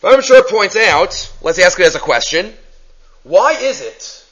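A man teaching a Torah class, animated, acting out questions and mixing Hebrew terms into his English. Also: high voice, normal speed, breathy edge, lo-fi sound.

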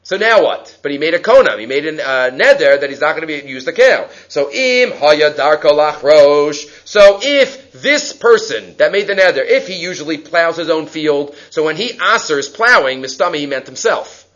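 A man giving a Talmud lecture, lively and acting out the quoted speakers. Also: fairly high pitch, normal speed, hardly any pauses, lo-fi sound. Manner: animated, acts out quoted speakers, many fillers. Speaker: Talmud teacher.

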